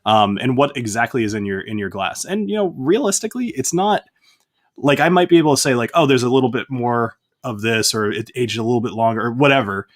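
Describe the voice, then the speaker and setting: A man's voice: mid-range voice, lively intonation, quick pace. A man hosting his whiskey channel, talking casually and enthusiastically with lots of "like" fillers. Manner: enthusiastic, chatty, frequent fillers like "like". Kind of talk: casual conversational interview.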